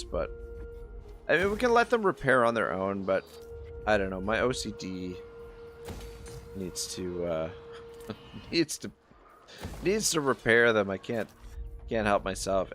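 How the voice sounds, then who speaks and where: A man's voice: lowish voice, fairly bright tone. A man from Nova Scotia with a Canadian accent, chatting rambly through a live game stream and reading chat messages aloud. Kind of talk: casual live-stream gameplay commentary. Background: faint game music.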